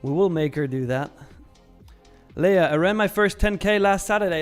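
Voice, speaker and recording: A man's voice: high voice, normal speed, music in the background. A young Swiss man casually hosting a live trading stream, chatting, reading out chat messages and laughing often. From Switzerland.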